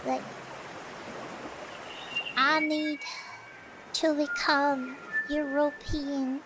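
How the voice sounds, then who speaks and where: A woman's voice: high-pitched, level tone, extremely slow. A woman streaming casually, rambling playfully with lots of "you know" and "like", coughing often between phrases. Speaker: virtual streamer. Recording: clear background noise.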